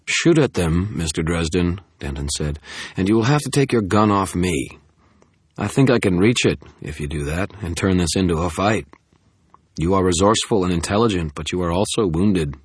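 A man doing a calm, commanding FBI agent. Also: deep voice, moderate pace, slightly rough, no echo, studio quality, pitched above the performer's own voice. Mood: calm, reasoning. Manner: quiet, confident, unimpressed.

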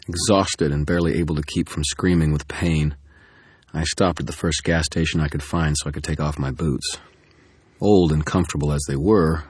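Male audiobook narrator, extremely deep voice, husky, dry close sound. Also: darkish tone, no echo. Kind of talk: first-person audiobook narration.

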